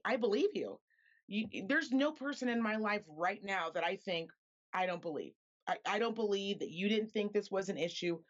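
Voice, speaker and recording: Woman guest from Reno, mid-pitched, impassioned and emphatic, dull lo-fi sound. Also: fairly quick. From Reno, Nevada, US. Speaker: podcaster guest. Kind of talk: earnest conversation.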